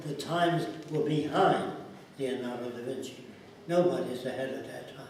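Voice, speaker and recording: A man in an interview conveys ideas through storytelling, taking on the voices of the people he quotes. His voice is a little high and mellow. Faint hiss or hum, faint ambience, a distant mic and an echoey room mark the recording.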